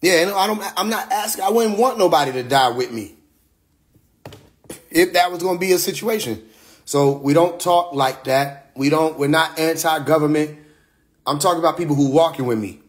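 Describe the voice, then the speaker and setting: Black guy on a phone live stream, voice a bit high, laid-back streetwise talk, cusses and laughs a lot. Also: moderate pace. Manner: loose, streetwise, profane, laughs often. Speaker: livestream host. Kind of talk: casual livestream monologue. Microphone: phone livestream.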